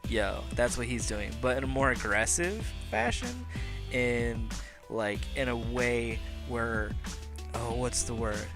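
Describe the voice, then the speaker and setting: A man giving casual, joking commentary on his game, brash and hyped-up, now and then shouting. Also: mid-range voice, animated, slow pace, creaky, music in the background. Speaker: Pokémon league player and video commentator.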